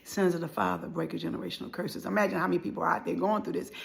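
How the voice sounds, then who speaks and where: A woman's voice: fairly low pitch, steady tone, racing, gravelly. A middle-aged woman and life speaker telling a painful personal story with dramatic emotion, at times sinking to near whispers. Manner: dramatic, acts out dialogue, drops to near whispers.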